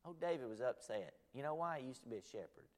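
A man preaches a sermon in a church, with a middle-range voice. He tells his stories dramatically, rising to loud exclamations and then sinking to hushed, near-whispered lines. His voice rings out with the long reverb of a large hall. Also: mid-range voice, lively intonation, quick pace. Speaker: pastor.

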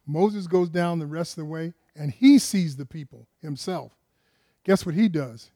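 A man's voice: on the high side, measured pace, dark tone, no room sound, clean studio sound. A man preaching a conversational sermon, firing rhetorical questions at his listeners and often repeating words and restarting phrases.

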